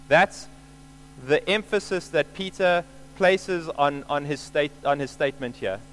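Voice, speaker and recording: Male preacher, sermon, earnest, repeats for emphasis, slightly high pitch, faint hum. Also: unhurried, fairly bright tone, rough recording.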